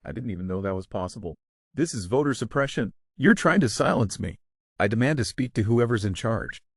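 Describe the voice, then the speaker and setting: A shrill entitled woman in her fifties, as a man reads her. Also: expressive, fairly quick, dry recording, clean studio sound. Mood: outraged. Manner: indignant, accusing, paranoid ranting. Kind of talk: scripted story narration.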